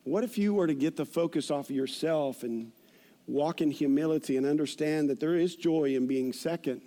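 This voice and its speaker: A pastor in his fifties delivers a sermon in a fairly high voice. He tells stories with animated energy and shouts at the punchlines. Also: normal speed. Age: 50s.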